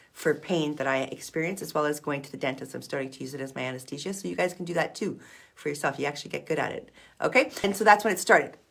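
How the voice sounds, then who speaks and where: A woman's voice: deep voice, a bit bright. A woman coaching self-hypnosis in a casual explainer video, chatty and playful, often checking in with "okay?". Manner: playful asides.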